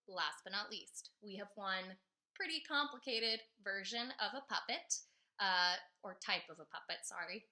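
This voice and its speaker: A woman's voice: medium pitch, unhurried, sharp tone. A woman teacher giving a friendly, upbeat lesson to her class by video, explaining step by step in a chatty way.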